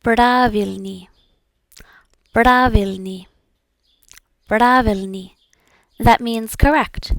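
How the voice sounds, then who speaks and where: Slow careful woman drilling words. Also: medium pitch, no room sound. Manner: careful, repeats each word several times, explains sounds; self-effacing and encouraging. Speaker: language learner practicing aloud. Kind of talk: slow pronunciation practice, repeating words.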